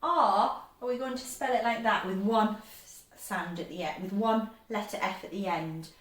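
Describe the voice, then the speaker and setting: A woman teaching a phonics lesson to young children, encouraging and stretching sounds out slowly. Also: medium pitch, fairly bright tone, echoey room. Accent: English.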